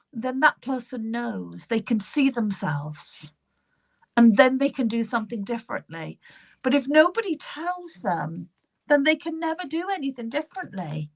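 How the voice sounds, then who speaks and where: Brief: woman, medium on a live reading show, earnest and repetitive, slightly higher voice. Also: very animated, unhurried, creaky. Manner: earnest, repetitive, addresses viewers by name. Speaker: psychic medium.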